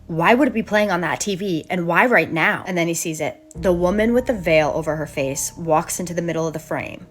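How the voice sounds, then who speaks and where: A woman host narrating an eerie true story with dramatic build and gushing asides to her viewers. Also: lowish voice.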